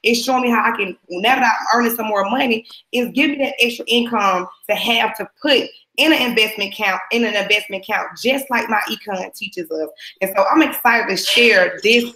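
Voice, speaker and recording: A woman speaking as a panel guest on a webinar, excited and motivational. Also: a little high, brisk, hardly any pauses, reverberant, poor audio. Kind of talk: testimonial on a webinar call.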